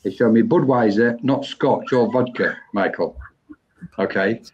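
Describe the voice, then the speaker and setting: A man hosting a live online session and giving a psychic mediumship reading, pausing often and restarting as he searches for words. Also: medium pitch, slightly rough. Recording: dull lo-fi online stream.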